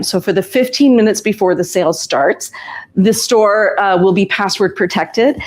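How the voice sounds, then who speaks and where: A woman's voice: mid-range voice, darkish tone. Chatty woman hosting a live sale stream. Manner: chatty, reassuring, explains step by step. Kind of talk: casual live-stream product talk.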